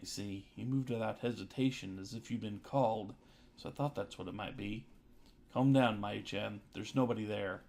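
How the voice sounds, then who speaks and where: A man's voice: lowish voice, moderate pace, vocal fry, a little mellow. A man voicing a frantic young man in a game, urgent and insistent, with music behind. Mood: soft.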